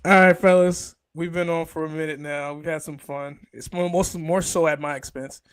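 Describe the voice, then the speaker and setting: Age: adult. Sex: man. Role: podcast co-host. Pitch: high for a man. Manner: laid-back, laughs easily. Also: fairly even intonation, normal speed, smooth, dry recording. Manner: laid-back and laughs often, defends himself. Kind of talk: casual streamed podcast banter.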